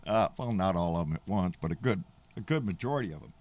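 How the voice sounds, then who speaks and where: A middle-aged man talks on a casual livestream in a fairly low voice. He rambles in a folksy way, swears freely and answers his viewers' comments as he goes. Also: lively intonation, fast talker, a little mellow. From Texas. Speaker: livestream host.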